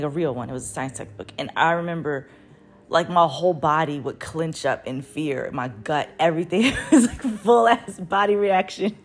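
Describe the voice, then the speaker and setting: Husky-voiced woman telling a story. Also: on the low side. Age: adult. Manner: animated, profane, laughs often while telling. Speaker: vlogger. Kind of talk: casual personal storytelling.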